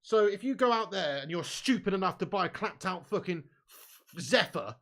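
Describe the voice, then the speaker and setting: A man hosting a live football watch-along, excitable and sweary, swinging from low grumbling to loud shouting. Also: normal speed, gravelly. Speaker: fan watch-along host.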